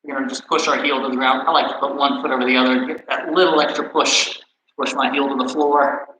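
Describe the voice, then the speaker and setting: A man's voice: medium pitch, little pitch movement, a little fast, bright, forceful tone, a little hiss or hum, poor audio. A man coaching a workout and telling a story, friendly and self-deprecating in a casual chatty way. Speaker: soccer coach.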